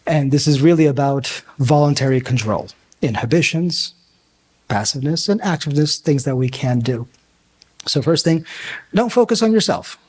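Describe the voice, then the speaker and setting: A man speaking as a physician coach at a conference, conversational and lively, now and then acting out quoted dialogue in loud bursts. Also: mid-range voice, breathy edge. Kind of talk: conference talk. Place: conference room.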